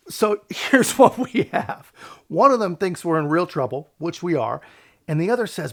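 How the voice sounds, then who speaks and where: A man's voice: a little high, animated, moderate pace. A male host giving casual, sarcastic political commentary, laughing often and tagging lines with "man" and "right".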